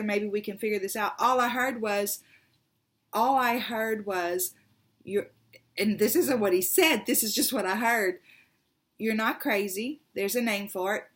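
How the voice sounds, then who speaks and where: A woman hosting a tarot channel, telling a personal story in a rambling, animated way and acting out the voices she quotes. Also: medium pitch.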